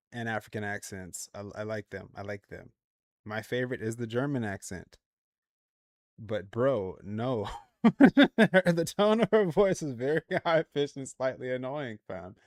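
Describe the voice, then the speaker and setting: A man's voice: on the low side, dry recording. Laid-back man hosting a dry-sounding livestream. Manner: laid-back, slangy, laughs often. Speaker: livestream react host. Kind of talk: casual livestream commentary.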